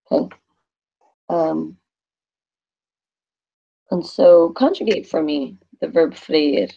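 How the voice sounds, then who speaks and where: A woman's voice: low voice, slow, gravelly, long pauses, warm tone, husky, dull audio. A woman teaching a Spanish class on a screen recording, asking questions and answering them herself in a chatty way.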